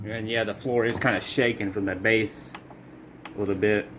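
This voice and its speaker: A man's voice: on the low side, fairly even intonation, normal speed, noisy background. A man giving a casual product review demo, talking loosely and correcting himself as he thinks aloud.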